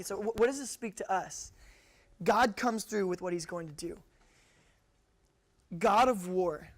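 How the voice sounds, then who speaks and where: A young man preaching to high school students in a casual, joking way, reading scripture and acting out the people in it. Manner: jokey, conversational, acts out quotes. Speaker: youth pastor. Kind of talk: casual youth sermon.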